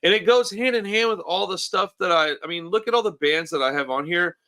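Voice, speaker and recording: Bright-voiced enthusiastic podcast guy. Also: sits high, brisk. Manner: enthusiastic, says dude and bro a lot. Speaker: podcast co-host. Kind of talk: casual chat. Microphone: remote call mic.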